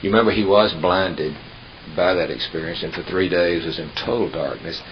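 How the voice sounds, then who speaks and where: Deep-voiced man preaching in storytelling fashion. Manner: folksy storyteller, unhurried with emphatic pauses. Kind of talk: sermon with humorous storytelling. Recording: dull lo-fi tape with hiss.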